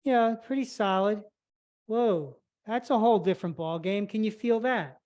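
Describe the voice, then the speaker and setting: A woman's voice: medium pitch, moderate pace, darkish tone, highs cut off. Woman, stretch instructor, step-by-step movement cues, a bit out of breath. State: slightly out of breath. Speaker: flexibility instructor. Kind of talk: live online exercise class instruction.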